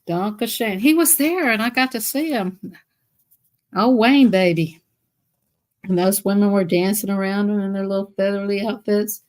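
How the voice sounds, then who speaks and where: A woman's voice: mid-range voice, normal speed. A woman with a Southern US accent chatting on a live stream, telling rambling stories and laughing between phrases. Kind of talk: casual storytelling to viewers.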